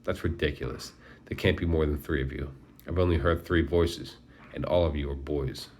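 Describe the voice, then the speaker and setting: A man's voice: a bass voice, fairly even intonation, moderate pace, a little mellow, a little hiss or hum. A man voicing a stern male schoolteacher with a cold, clipped way of speaking in an audiobook.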